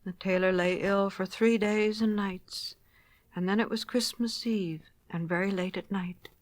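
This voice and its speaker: Brief: female storyteller, soft children's story reading, middle pitch. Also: fairly even intonation, a little slow, no room sound.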